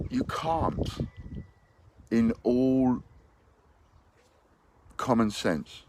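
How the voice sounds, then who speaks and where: A man speaking to his investors in an unscripted, blunt and rambling monologue. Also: on the low side. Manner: blunt and rambling, with hypothetical quotes. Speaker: business owner addressing investors.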